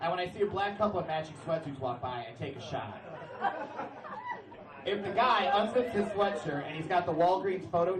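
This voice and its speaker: A young man performing a brash stand-up comedy set in a comedy club, now and then bursting into shouted announcer-style bits. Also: high-pitched, far from the mic. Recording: roomy club sound from off-mic, loud crowd laughter.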